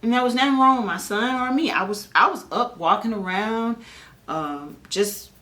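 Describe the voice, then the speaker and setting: A woman, casually telling her own birth story on a family vlog, animated, and jumping her voice up when she imitates other people. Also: a little high, normal speed. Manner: animated, mimics others with a raised voice. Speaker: vlogger and mother.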